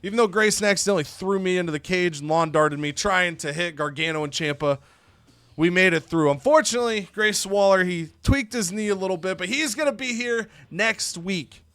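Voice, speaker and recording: A man's voice: high-pitched, fairly quick, a bit bright, no room sound. A man voicing a cocky young wrestler cutting an upbeat promo. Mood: brash.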